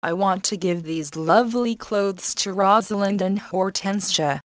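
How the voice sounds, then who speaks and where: A woman voicing a kind, gentle young woman in a slow, plain storybook reading. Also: medium pitch, no echo, natural voice. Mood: content.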